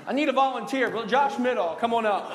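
Male pastor, high voice, sermon style with call-and-response and slowed emphasis. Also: a loud crowd, heavy background noise. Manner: jokey, laughing asides. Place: church sanctuary.

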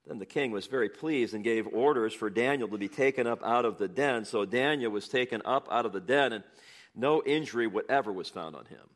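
A man preaching through a scripture passage, reading it aloud with animated, chatty asides and chuckles. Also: mid-range voice, fairly quick. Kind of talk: expository sermon reading scripture.

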